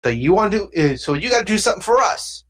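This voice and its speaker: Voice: mid-range voice, big pitch swings, fast talker, voice pushed up. A game master voicing a pushy alien mobster thug. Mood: bargaining. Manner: streetwise slang, pushy, rambling.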